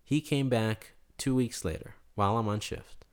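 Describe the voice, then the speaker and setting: A young man from New York, a guest in an interview, telling a story in an animated way and acting out the people he quotes. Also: medium pitch, normal speed. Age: young adult.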